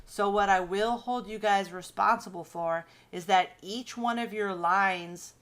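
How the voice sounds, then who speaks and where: A woman teacher giving a casual classroom lecture, explaining step by step with fillers and quick self-corrections. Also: medium pitch, a bit bright.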